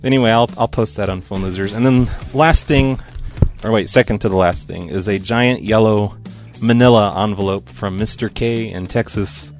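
A man's voice: lowish voice, moderate pace, darkish tone, faint music behind. A man hosting a podcast, chatting casually and rambling as he reads listener mail aloud in a hurry. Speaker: podcast host. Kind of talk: casual monologue.

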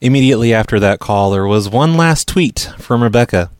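A man hosting a prank call show, telling the story in a flat, provoking deadpan. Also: medium pitch, a little fast, a little hiss or hum. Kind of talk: casual storytelling and prank calls.

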